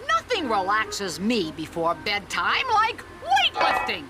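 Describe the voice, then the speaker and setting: A bossy cartoon head nurse. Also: female voice, on the high side, wildly swooping pitch, takes it slowly, very noisy, full character voice. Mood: mock-sweet. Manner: bossy and mock-sweet. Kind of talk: cartoon voice acting. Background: loud cartoon music.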